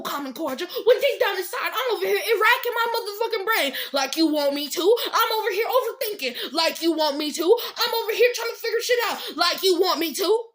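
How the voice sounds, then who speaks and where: A young woman's high, bright voice drives a fired-up rant to camera. She is blunt and profane, and she repeats lines to hammer them home. Her delivery is sharp and forceful. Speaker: vlogger giving life advice. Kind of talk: heated motivational rant.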